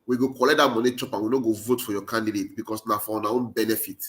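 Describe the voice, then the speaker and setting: A political commentator with a Nigerian Pidgin accent gives an impassioned monologue, rallying listeners with repeated phrases. His voice is on the low side and fairly bright, with a level tone, and he talks fast.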